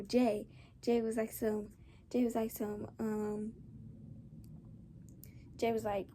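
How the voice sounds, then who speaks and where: A woman's voice: on the high side, gravelly, slight background noise. A young woman casually telling a storytime, rambling along with slang and lots of restarts. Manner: rambling, animated retelling with slang.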